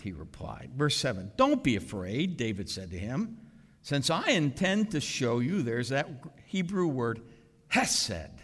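Male preacher with an animated, swooping delivery, heard in a big echoing sanctuary. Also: mid-range voice. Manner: animated preaching with dramatic emphasis. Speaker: pastor. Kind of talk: sermon. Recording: reverberant hall.

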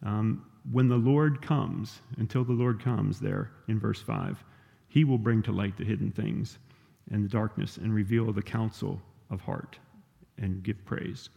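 A man preaching a sermon in a relaxed, conversational way, often asking "right?" as he teaches. His voice sits low, with a mellow, gravelly tone. The long reverb of a hall rings behind him. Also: unhurried, lo-fi sound.

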